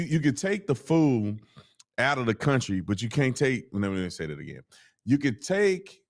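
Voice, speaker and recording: A man hosting a show, giving casual commentary in a mocking, scornful way. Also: medium pitch. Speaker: host.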